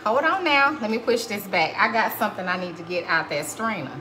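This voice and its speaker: A woman's voice: mid-range voice, animated, fairly quick, noisy background. A woman hosting a live cooking demonstration in her kitchen, chatty and folksy, calling viewers honey and y'all. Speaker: cooking show host. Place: home kitchen.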